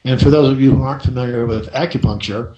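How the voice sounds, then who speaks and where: A male radio host tells a story with lively energy and keeps checking in with the listener. His voice sits at an ordinary middle pitch, and the room around him has a noticeable echo. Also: fast talker, highs cut off. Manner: lively storyteller, rhetorical "right?" asides. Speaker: radio show host and success coach.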